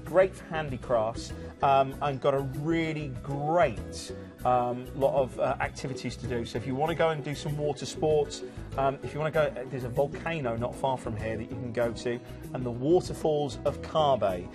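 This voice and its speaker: A man's voice: medium pitch, normal speed. A man from Southwest England with a Southwest English accent, presenting cruises in chatty, jokey live TV sales patter. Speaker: TV shopping channel cruise presenter. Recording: music bed under the voice.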